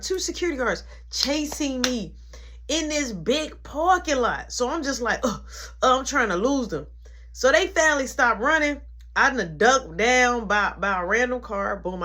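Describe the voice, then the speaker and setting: A woman's voice: high voice, moderate pace. A woman telling a comedic story in slangy casual talk, acting out everyone's lines. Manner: animated, acts out quotes, slangy.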